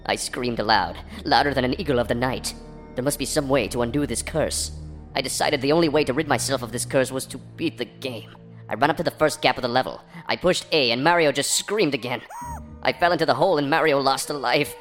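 Deadpan man telling a parody horror story. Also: medium pitch, brisk. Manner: deadpan storytelling with absurd twists. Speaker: narrator. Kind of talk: comedic horror story narration. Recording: faint background music.

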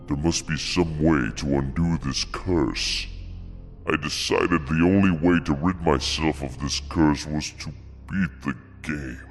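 A man narrating an absurd horror story in a deadpan comedic style. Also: extremely low pitch, soft background music. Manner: deadpan, slow.

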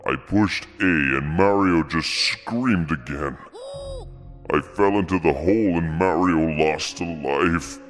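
A man narrating an absurd horror story in a deadpan comedic style. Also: extremely low pitch. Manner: deadpan, slow.

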